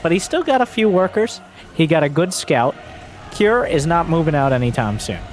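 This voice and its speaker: A man giving solo play-by-play commentary on a strategy game, getting excitable and shouting when fights break out. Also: normal speed, slight background noise. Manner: excitable, voice jumps high and shouts during fights. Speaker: esports caster.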